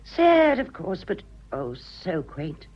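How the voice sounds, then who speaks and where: A woman's voice: on the low side, huge pitch swings, slow, heavily acted. An English actress playing a chatty, whimsical older society mother, in 1940s radio acting. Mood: gushing. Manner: gushing, whimsical. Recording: dull old radio broadcast.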